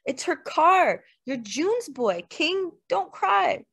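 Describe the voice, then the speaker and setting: A woman's voice: very high voice, very animated, slow, vocal fry, fairly bright tone, no room sound, voice pushed up, full character voice. A woman voicing a father who speaks in an urgent, pleading way in an audiobook. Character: rough father, steadying and blunt, man.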